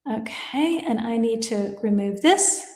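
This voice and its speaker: An animated woman with a fairly high, slightly mellow voice speaks at a measured pace, the echo suggesting a large hall. She's an English teacher broadcasting a live lesson from her home studio in Germany, upbeat and talkative, sharing viewers' comments and laughing at her own errors.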